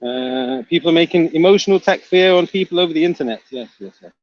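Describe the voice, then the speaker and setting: A man's voice: a little high, fast talker, no room sound, dull audio. A man hosting a livestream, reading viewer comments aloud and teasing the chatters. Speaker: livestream host reading chat. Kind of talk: casual livestream chat.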